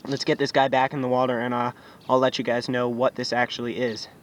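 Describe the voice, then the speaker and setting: A fishing vlogger gets thrilled over each bite, gasping and cheering as he narrates his outing to viewers from beside a pool of water outdoors. He speaks a little quickly in a mid-range voice.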